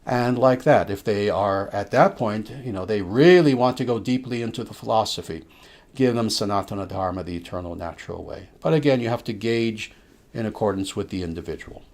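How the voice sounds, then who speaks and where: A man with a lowish voice speaks as a spiritual teacher, answering listeners' questions. He talks slowly and emphatically, with soft filler sounds.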